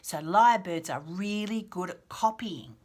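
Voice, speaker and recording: A woman's voice: fairly low pitch, measured pace, darkish tone. A woman reading a picture book aloud to small children, playfully copying animal and train sounds and asking the child questions. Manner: asks the child questions directly.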